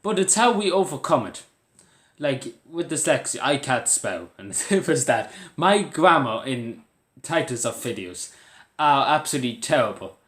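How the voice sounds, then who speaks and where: A man's voice: mid-range voice, sing-song, normal speed, fairly bright tone, reverberant. A man with an Irish accent talking earnestly to camera in a rambling, casual way, full of fillers and restarts. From Ireland. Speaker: vlogger.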